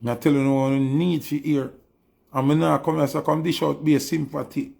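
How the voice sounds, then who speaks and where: A man's voice: fairly high pitch, flat delivery, normal speed, creaky. A man with a Jamaican accent delivering a heated, preachy monologue straight to his viewers, his anger rising as he goes. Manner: preachy, rising to angry shouting. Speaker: video commentator.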